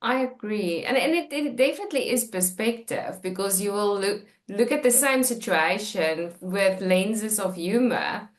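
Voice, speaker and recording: A woman's voice: medium pitch, lively intonation, a little slow, few pauses. Encouraging woman host in a roomy space. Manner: warmly encouraging, laughs often. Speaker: interview host. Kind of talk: casual interview talk.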